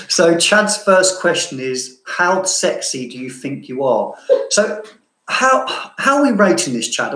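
A fragrance vlogger from southeast London, whose London accent is softened by a bit of Cambridge, casually answers viewers' questions in a self-mocking way and laughs often. His voice is on the high side, captured in an echoey room on a low-quality recording.

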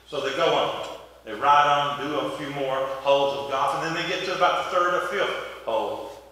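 A man preaching from the pulpit in a loose, folksy storytelling manner. His voice sits a bit high and sounds bright. He is picked up from a distance in a big church, so long echoes trail behind every phrase. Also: moderate pace. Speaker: pastor. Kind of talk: sermon. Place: church sanctuary. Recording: echoey hall from far off.

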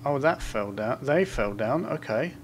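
A man giving horror game commentary, muttering asides to himself and reading in-game notes aloud in quick bursts. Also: medium pitch, expressive, a little hiss or hum. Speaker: gameplay commentator.

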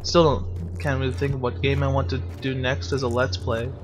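A man's voice: medium pitch, level tone, moderate pace. A young man giving casual gameplay commentary as a let's player, jumpy and swearing with frightened outbursts. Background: game music.

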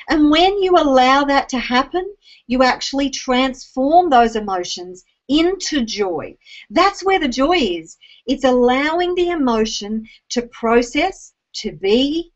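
A woman's voice: high-pitched, muffled recording. Teary Australian woman telling a story. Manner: emotional, teary, with many ums and restarts. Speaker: speaker addressing an online audience. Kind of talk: personal storytelling talk. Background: rain.

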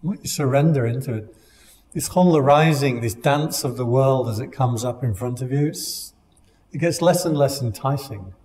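A man leads a meditation class in a calm, conversational dharma talk. His voice is mellow and soft-edged, with a gently humorous manner. The sound carries a long, lingering hall reverb. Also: medium pitch, normal speed. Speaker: meditation teacher.

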